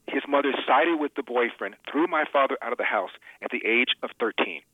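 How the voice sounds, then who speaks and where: A man's voice: mid-range voice, fairly quick, no echo. Earnest man on a tinny phone line. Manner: earnest, emphatic, repeats words when moved. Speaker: interview guest, author. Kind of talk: personal storytelling in a radio interview.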